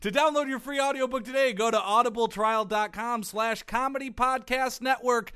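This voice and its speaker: A man's voice: very high voice, steady tone, normal speed, hardly any pauses, bright, forceful tone, clear, resonant tone. A man co-hosting a comedy podcast, throwing in sarcastic quips. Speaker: co-host.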